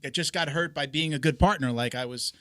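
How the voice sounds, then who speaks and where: A man in his forties, a podcast host and coach, talking in a relaxed, rambling and self-deprecating way. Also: a little high, fairly quick, dry recording. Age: 40s. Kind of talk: casual podcast conversation.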